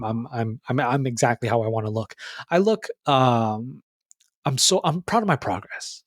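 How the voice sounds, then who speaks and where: A young man talking casually to his viewers, rambling and stammering through restarts, animated and full of bro slang. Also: mid-range voice, gravelly, no echo, clean studio sound. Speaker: YouTuber. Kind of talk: casual monologue to camera.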